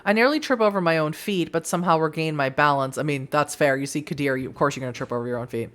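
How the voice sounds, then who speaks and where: A woman's voice: low voice, racing. A woman hosting a let's play, reading the game's story aloud expressively with casual, swearing commentary. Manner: expressive, swears freely, laughs at the game.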